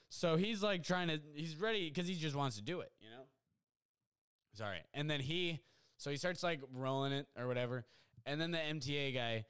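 A young man records a solo podcast at home and talks through a story in a loose, rambling way. His voice sounds smooth and resonant, and his pitch sits in the middle of the male range. He keeps piling on fillers and gets excited as he goes. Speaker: podcast host. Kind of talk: casual storytelling monologue. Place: apartment at home.

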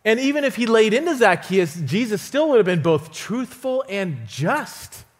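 A man giving a sermon as a guest preacher in a church, telling stories in an animated way, acting out the quoted voices and chuckling often. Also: high voice, moderate pace. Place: church auditorium.

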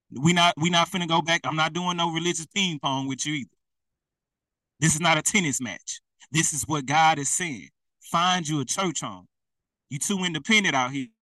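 Young preacher guy, high bright voice, chatty and laughing, sounds a bit far off. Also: dry recording. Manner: lively, conversational, laughs often. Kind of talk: sermon.

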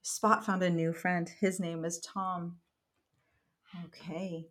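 A woman reading a picture book aloud to her small child in a gentle, encouraging way. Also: fairly low pitch, flat delivery, slow pace. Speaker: mother reading to her toddler.

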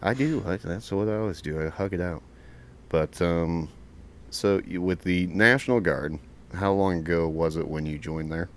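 A man's voice: low voice, normal speed, a little hiss or hum. A man hosting a casual podcast from his closet, telling rambling stories and swearing freely. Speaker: podcast host.

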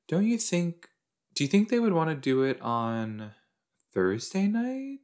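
A man's voice: on the high side, very animated, unhurried, a little mellow. A man hosting a podcast, chatting casually and thinking aloud with a rambling, joking manner into a desk microphone. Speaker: podcast host. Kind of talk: casual rewatch commentary. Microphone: desk microphone with a cord.

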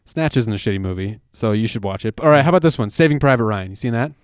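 Smooth-voiced man hosting a sports chat. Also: lowish voice, animated, quick pace, no room sound, clean studio sound. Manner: opinionated, emphatic about movies and football. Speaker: co-host. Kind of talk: casual sports podcast chat.

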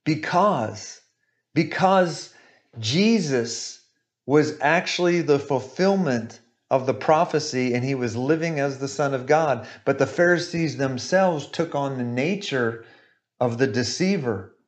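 A man's voice: mid-range voice, animated, takes it slowly. A male preacher giving an emphatic sermon, repeating his points and often asking "right?".

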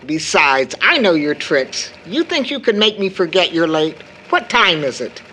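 A woman playing a tired, proper middle-aged mother who gently scolds her daughter in a stage play reading. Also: lowish voice, very animated, a little slow, slight background noise, heavily acted, poor audio. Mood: reproving. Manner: reproving, prim.

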